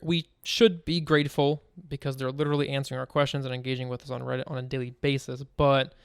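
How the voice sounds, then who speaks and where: Animated, smooth-voiced male podcast co-host. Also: mid-range voice, fast, few pauses, no echo, studio quality. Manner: animated storyteller, laughs while telling. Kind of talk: casual gaming podcast chat. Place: home.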